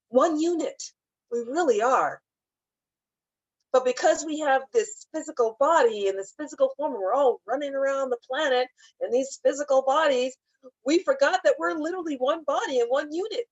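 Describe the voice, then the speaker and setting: Gentle, emotional middle-aged woman. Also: high-pitched, dry recording, lo-fi sound. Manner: gentle, emotional, repeats phrases. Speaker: spiritual teacher, guest speaker. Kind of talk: heartfelt talk on grief.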